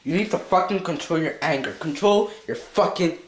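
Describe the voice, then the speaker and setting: A man's voice: on the high side, moderate pace, a little hiss or hum. A man vlogger in a comedy skit, scolding with heavy swearing and repeating himself, recorded in an echoey room.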